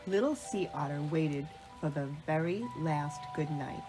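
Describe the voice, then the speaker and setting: A woman reads a bedtime picture book aloud, calm and gentle. Her voice is fairly low for a woman. Faint music plays softly behind her. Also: a little slow, poor audio. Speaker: storybook reader. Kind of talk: bedtime story read-aloud.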